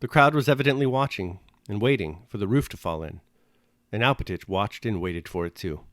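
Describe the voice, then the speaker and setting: A man with a low voice reads a classic novel aloud at a measured pace, giving each sentence an expressive lift. The recording is close and dry, with no room echo. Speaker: reader and commentator. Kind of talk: audiobook reading and reflection.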